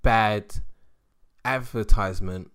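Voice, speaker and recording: A man co-hosting a podcast, talking politics in a sarcastic, jokey, animated way. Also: fairly low pitch, slow. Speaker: podcast co-host. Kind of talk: casual political chat.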